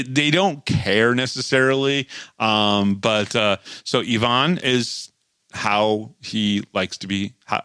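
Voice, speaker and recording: A man's voice: on the low side, bright, forceful tone, smooth, no room sound. Chatty man recapping hockey. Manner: chatty, recaps stats with frequent restarts. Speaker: podcast co-host. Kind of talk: casual sports talk and game recap.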